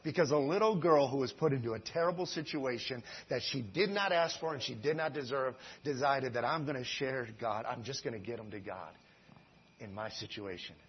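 A man preaching a sermon, telling the story with animated swings from hushed to loud. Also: mid-range voice, normal speed, dull audio, a little hiss or hum. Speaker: guest preacher.

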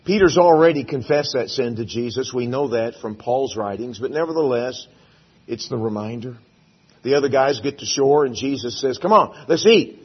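A man's voice: medium pitch, normal speed, husky, muffled recording. A male pastor preaching a sermon in a church, telling a Bible story folksy-style and acting out the dialogue. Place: church sanctuary.

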